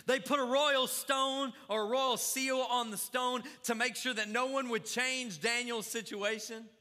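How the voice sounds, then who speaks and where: A man's voice: very high voice, fairly even intonation, a little slow, pushed and bright. A male pastor preaching a fervent sermon to his congregation, calling out to the crowd. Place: church sanctuary. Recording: long church reverb.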